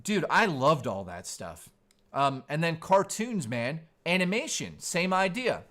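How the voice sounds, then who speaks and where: A man's voice: on the high side, big pitch swings, unhurried, fairly bright tone. A man in his forties, a streamer host chatting casually in a laid-back, surfer-style way. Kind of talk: casual live-stream chat.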